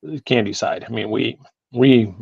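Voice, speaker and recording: Man, middle-aged, podcast co-host, halting and rambling, muffled recording, dry. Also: medium pitch, gravelly, a little mellow, breathy edge, dry recording. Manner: rambling, halting explanations full of restarts. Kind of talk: casual podcast chat.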